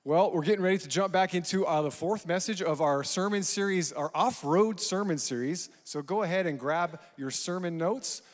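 Upbeat church announcer in a big hall. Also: male voice, high voice, moderate pace, hardly any pauses. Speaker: church host making announcements. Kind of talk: announcements and introduction. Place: large church auditorium. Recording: long hall reverb.

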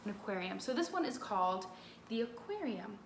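Lady music teacher talking to little kids, animated and expressive, medium pitch. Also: a little fast, reverberant, slight background noise. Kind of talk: online music lesson for children.

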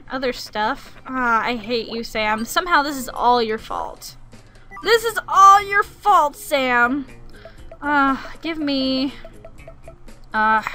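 A woman's voice: a little high, a bit bright. A young woman talking casually over her gameplay, chatty and easily exasperated, grumbling when things go wrong. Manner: chatty, sings to herself, turns exasperated and grumbling. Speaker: gaming channel host. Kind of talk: let's play commentary.

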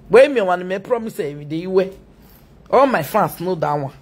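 A woman's voice: mid-range voice, fairly quick, darkish tone, breathy edge. A Nigerian woman ranting mockingly on a live video, scolding and laughing often.

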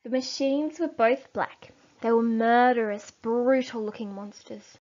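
Woman teacher, storybook read-aloud, slow, fairly high voice, dull lo-fi recording. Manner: slow, expressive reading.

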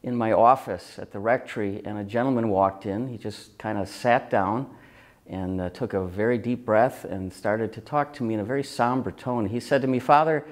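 A man's voice: lowish voice, normal speed. A man who is a bishop, giving a conversational Sunday reflection and telling a story as he preaches. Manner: conversational storytelling, acts out quoted people. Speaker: auxiliary bishop.

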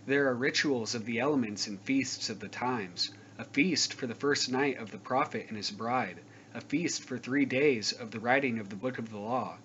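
A man giving a solemn scripture reading, slow, grave and declamatory. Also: medium pitch, fairly bright tone. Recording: dull lo-fi recording with faint noise.

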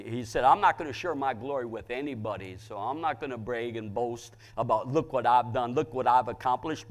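An older American man preaching a sermon, swinging between loud cries and quiet, low passages. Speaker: pastor.

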